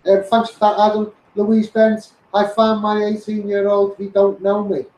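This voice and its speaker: Scouse guy on a live stream, high voice, chats to viewers by name, echoey room, bit away from the mic. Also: monotone, moderate pace, darkish tone, far from the mic, slight background noise. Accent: Liverpool. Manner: addresses viewers by name, calls them mate. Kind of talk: casual live-stream chat reading viewer comments.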